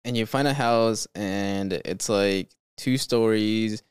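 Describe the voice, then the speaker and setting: A man hosting a podcast in a smooth, resonant voice that is recorded close and dry. He rambles with fillers and laughs as he chats, then reads stories aloud. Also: lowish voice, slow, no room sound. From California. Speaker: podcast host. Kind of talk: casual chat and reading stories aloud.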